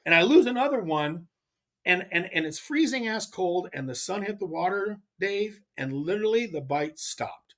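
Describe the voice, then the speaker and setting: Animated middle-aged storyteller man. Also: high-pitched, normal speed. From US West Coast. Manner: lively, laughing, repeats words when excited. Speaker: podcast guest, pro angler. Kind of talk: animated storytelling in casual chat.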